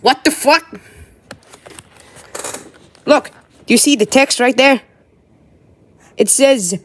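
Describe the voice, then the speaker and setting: A woman's voice: sits high, sing-song, slow pace, pauses often. A woman giving casual, exasperated reaction commentary, laughing and swearing freely. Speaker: video reactor.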